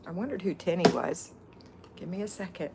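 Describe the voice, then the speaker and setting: A woman's voice: on the low side, brisk, heavy background noise. A middle-aged woman hosting a casual livestream, chatting and greeting viewers by name as a home-organizing mentor.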